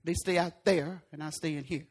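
Woman preaching, folksy and chatty, gets loud on a word then drops way down quiet. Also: deep voice, steady tone, moderate pace, husky. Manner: folksy and conversational, swings from loud emphasis to hushed asides. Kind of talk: sermon.

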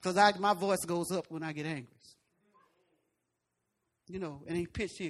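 A woman preacher giving a folksy, conversational sermon, swinging from loud emphatic lines to hushed asides. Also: mid-range voice, moderate pace, pauses often.

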